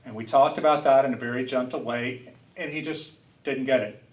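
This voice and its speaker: Middle-aged man from south louisiana, reflective talk, mid-pitched voice, roomy hall sound. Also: steady tone, fairly quick, far from the mic. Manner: earnest, reflective, with frequent restarts. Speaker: public speaker. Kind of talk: personal storytelling lecture. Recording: roomy hall, speaker away from the mic.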